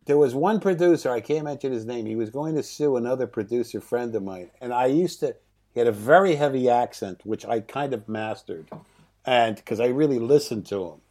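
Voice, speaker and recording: Middle-aged male director guest, animated raconteur, mid pitch. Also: brisk. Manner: lively raconteur, acts out quotes, laughs often. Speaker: film writer-director guest. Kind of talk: anecdotal interview storytelling.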